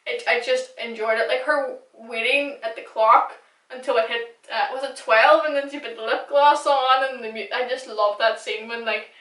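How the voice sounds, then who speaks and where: A young woman chats her way through a fan recap, gushing and dropping the odd swear word. Her voice is bright and sits a little high. She is heard from a few steps back, in a room with plenty of echo. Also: steady tone, moderate pace. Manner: gushing, chatty, swears casually. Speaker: recap vlogger. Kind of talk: casual fan recap monologue. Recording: echoey room, distant mic.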